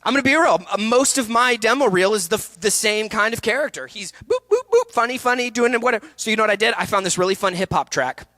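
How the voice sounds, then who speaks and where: Bright, animated man teaching actors. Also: sits high, no room sound. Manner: energetic, animated, jumps into quick voices and asides. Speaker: acting workshop speaker. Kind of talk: conference talk.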